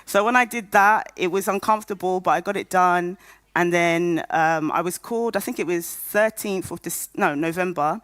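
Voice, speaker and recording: A woman's voice: on the low side, normal speed, a bit bright, no echo. A woman in her thirties telling her personal story to a conference audience, candid and humorous, acting out the voices of people she quotes. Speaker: patient speaker at a conference. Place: conference stage.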